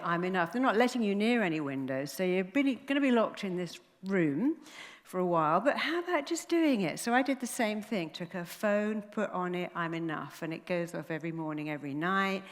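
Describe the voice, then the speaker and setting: A woman giving a stage talk, telling stories in an animated way and acting out the dialogue. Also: on the low side. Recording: long hall reverb.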